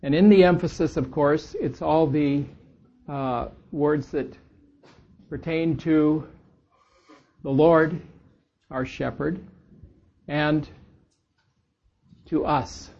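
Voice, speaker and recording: Slow, husky man leading scripture. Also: fairly high pitch, fairly even intonation, darkish tone. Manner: slow, deliberate, stressing key words. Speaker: church class leader. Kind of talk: leading a group scripture reading. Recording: dull lo-fi recording.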